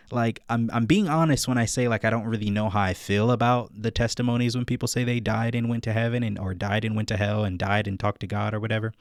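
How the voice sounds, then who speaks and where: A man hosting a reaction video in casual commentary, thinking out loud with many fillers and restarts. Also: lowish voice, fairly even intonation, fast talker, hardly any pauses, dry recording, clean studio sound.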